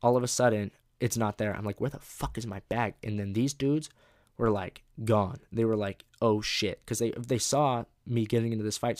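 A man's voice: on the low side, darkish tone, dry recording, clean studio sound. A young man hosting a podcast, telling rambling, profane stories in a casual monologue and laughing at his own jokes. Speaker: podcast host.

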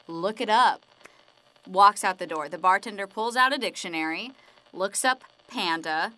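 A woman telling corny jokes in an unhurried, giggly way. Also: medium pitch, lively intonation, sharp tone, rough recording. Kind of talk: joke telling.

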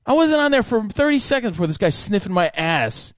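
A man telling a story in casual chat, animated, heated and profane. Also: high voice, a little fast, no echo, clean studio sound.

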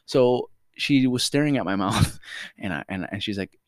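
A young man co-hosting a podcast, telling animated stories in casual chat, swearing and saying "dude" a lot. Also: on the low side, normal speed, no echo, studio quality. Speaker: podcast co-host.

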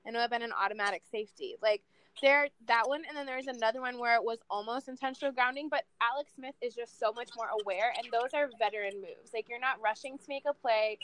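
A woman in her late twenties chatting about football on a casual podcast. Her voice sits a little high, and she is loose, candid and quick to swear. The talk is unscripted and frank. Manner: candid, swears freely, animated sports fan talk.

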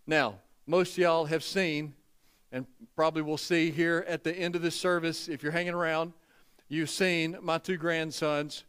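An older man preaching a sermon to his church, folksy and emphatic, dropping to a hush and then building loud. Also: high-pitched, clean tone. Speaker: pastor. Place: church sanctuary.

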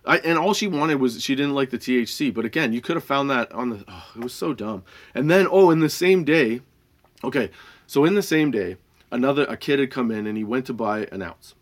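A man casually telling stories about his old dispensary job, laid-back, swearing freely and laughing often, and high while he talks. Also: lively intonation, quick pace. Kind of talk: casual storytelling monologue.

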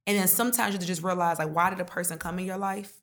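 A woman's voice: lowish voice, quick pace, a bit bright. A woman talking candidly and emotionally in a heart-to-heart conversation, full of casual slang.

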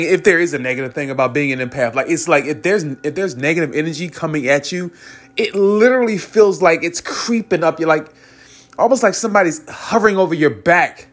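A man's voice: a little high, a bit bright. A man hosting a podcast, giving a rambling, earnest spiritual monologue and chuckling between phrases. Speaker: podcast host.

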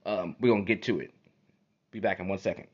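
Low-pitched and darkish in tone, this man speaks quickly with fairly even intonation while hosting a podcast. His casual monologue is heated and profane, phrases repeated for emphasis, captured on a dull lo-fi recording.

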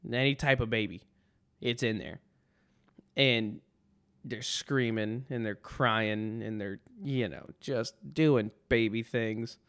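Smooth-voiced man telling a rambling story. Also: mid-range voice, a bit bright. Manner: rambling and sarcastic, with frequent restarts. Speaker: podcast host. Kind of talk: casual storytelling monologue.

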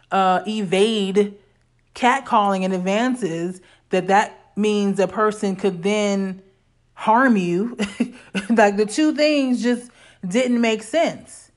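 Woman in her 40s from Illinois, middle pitch, candid personal storytelling, casual and conversational.

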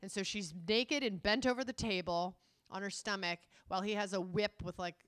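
A woman chatting casually about a film, retelling scenes in an animated way and acting out quotes. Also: medium pitch, brisk, smooth, no echo. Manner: animated storytelling, acts out quotes.

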